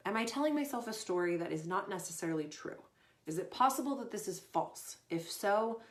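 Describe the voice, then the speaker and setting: A woman's voice: on the low side, lively intonation, brisk, roomy sound. A middle-aged woman coach giving casual advice in a chatty, conversational way. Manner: chatty, conversational, many fillers. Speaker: performance coach.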